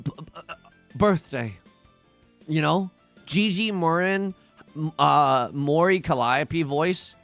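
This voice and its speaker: A man's voice: on the high side, slow, gravelly, a bit bright, dry recording, faint music behind. A man streaming a tile game, joking and pleading dramatically as he plays. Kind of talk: casual livestream commentary.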